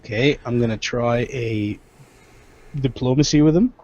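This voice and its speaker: A man's voice: medium pitch, moderate pace, a little mellow, dull audio. A man playing a tabletop game, talking in an easygoing casual way. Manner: easygoing, laughs at himself.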